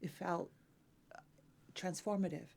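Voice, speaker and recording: Animated mezzo-soprano woman telling stories. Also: fairly low pitch, measured pace, creaky. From Los Angeles. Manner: animated, warm storytelling with lively acted quotes. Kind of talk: interview, personal storytelling.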